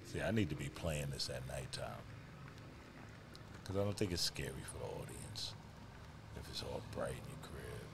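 A young male streamer talks through his game live, cursing freely and often sinking into a hushed whisper. His voice is extremely deep with a gravelly fry. His pitch swings widely between low mutters and sudden outbursts. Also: expressive, moderate pace, pauses often, background noise. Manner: profane, often drops to a whisper. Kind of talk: live gameplay commentary.

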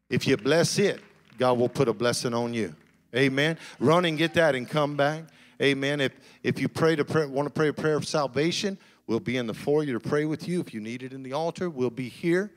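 Male guest preacher, mid-pitched, conversational, building to fervent repetition. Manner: conversational storytelling that swells into emphatic repetition. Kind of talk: sermon. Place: church sanctuary.

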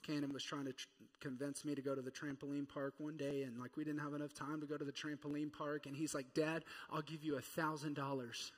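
A man's voice: a little high, flat delivery, quick pace. A man in his thirties preaching a sermon in a conversational, playful way. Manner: conversational and playful, acting out quotes. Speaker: pastor. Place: church. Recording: church hall reverb.

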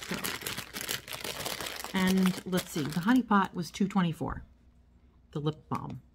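A woman vlogger chats and rambles casually as she unboxes a haul of small items at home, talking while she handles them. Her voice is fairly low and darkish, recorded on a phone with a little hiss or hum and crinkling packaging in the background.

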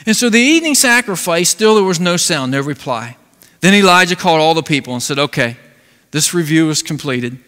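Animated pastor in a reverberant hall. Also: male voice, high voice, fast, smooth. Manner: animated storytelling, voicing characters. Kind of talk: sermon. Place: church sanctuary. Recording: long reverb of a large hall.

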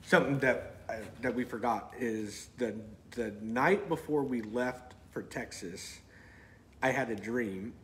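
A man telling a faith testimony slowly and hesitantly. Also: medium pitch, a little hiss or hum. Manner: slow, measured, hesitant with fillers. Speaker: co-host sharing a testimony. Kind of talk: casual testimony storytelling.

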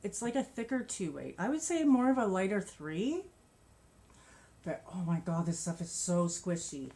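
A woman's voice: fairly low pitch, big pitch swings, normal speed, dark tone. A woman vlogger chatting casually about her crochet projects and yarn, gushing and laughing often. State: a bit out of breath. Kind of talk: casual show-and-tell chat.

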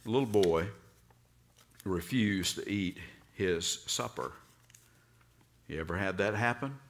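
An older man with a Southern US accent, a pastor preaching a sermon and telling stories, sometimes acting out voices with sudden loud outbursts. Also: sits low, takes it slowly.

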